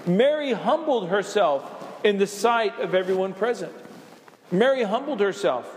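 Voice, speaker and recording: Male preacher, high-pitched and fervent, heard in an echoey sanctuary. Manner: impassioned preaching, acts out quoted voices. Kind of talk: sermon. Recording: echoey hall reverb.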